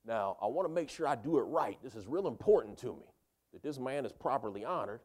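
A man's voice: medium pitch, expressive, brisk, a little mellow, lightly acted. A man voicing an ancient king who talks in laid-back modern slang. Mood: earnest.

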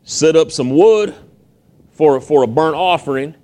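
Lively man preaching a sermon. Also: a little high, a little slow. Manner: lively storytelling, acting out the scripture's voices. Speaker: pastor.

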